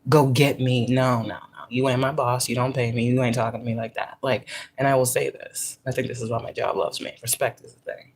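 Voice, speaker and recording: In a very deep, darkish voice with little pitch movement, a woman talks briskly through a casual spiritual pep talk. She works as a spiritual teacher and a workplace manager, curses freely, hits her points hard, and acts out quoted voices.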